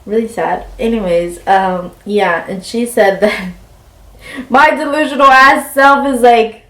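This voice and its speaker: A woman's voice: fairly high pitch, slow, a bit bright. A young woman vlogger telling a rambling story while packing, full of fillers and "like". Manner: chatty, rambling with many fillers and "like". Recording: roomy, mic a bit far off.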